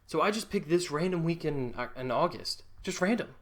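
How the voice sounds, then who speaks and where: A man's voice: a little high, lively intonation, fairly quick. A young man chatting casually through a storytime vlog, rambling and dropping lots of likes.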